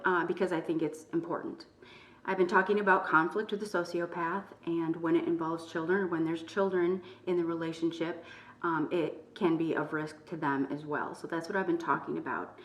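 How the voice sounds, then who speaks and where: A middle-aged woman hosting her own channel, speaking softly and in a measured, strained way while telling her story and reading from her book. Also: lowish voice, roomy sound, far from the mic. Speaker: YouTube channel host. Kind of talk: personal testimony, partly reading from her book.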